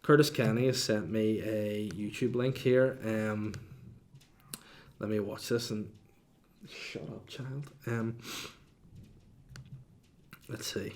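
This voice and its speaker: A man's voice: fairly low pitch, fairly even intonation, slow, pauses often, darkish tone. A man hosting a casual solo podcast, chatting cheekily and reading out listener questions. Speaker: podcast host.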